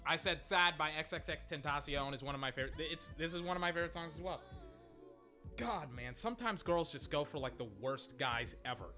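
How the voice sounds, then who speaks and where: A reaction video host ranting in an excitable, profane way with a voice getting strained. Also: mid-range voice, brisk, faint music behind. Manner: excitable, profane, yelling insults.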